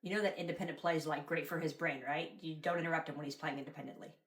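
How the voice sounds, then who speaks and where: A woman's voice: deep voice, steady tone, rapid-fire, fairly bright tone. A woman playing a preachy know-it-all mom who lectures another parent in a bossy tone. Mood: scolding.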